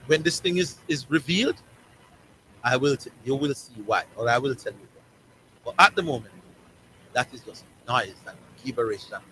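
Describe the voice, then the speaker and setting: A man's voice: mid-range voice, bright, forceful tone, a little hiss or hum, poor audio. A man with a Jamaican accent hosting a sports talk show, giving emphatic opinions and repeating key words for stress.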